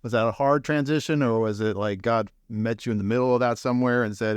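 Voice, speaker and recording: A man's voice: mid-range voice, steady tone, fast, hardly any pauses, clean tone, no echo. A man interviewing a guest at church, asking conversational, probing questions.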